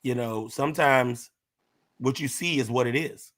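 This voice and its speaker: A man on a casual panel chat, speaking earnestly and deliberately, pausing to stress his words. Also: medium pitch, a bit bright. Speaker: panel guest.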